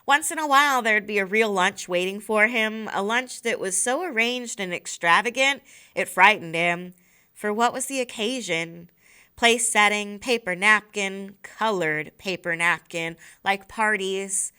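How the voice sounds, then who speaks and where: A teacher reads a novel aloud with a bright, sharp tone. Her voice is crisp and smooth, and she drags out important phrases for weight. The delivery is expressive but unhurried. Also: medium pitch. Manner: slows down on key phrases. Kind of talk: expressive read-aloud narration.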